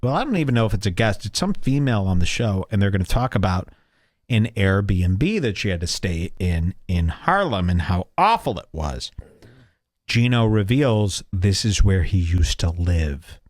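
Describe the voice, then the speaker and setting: A man's voice: sits low, sing-song, normal speed, no echo, studio quality. A middle-aged man hosting a podcast, giving crude comedic commentary and mocking people by putting on voices for them. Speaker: podcast host.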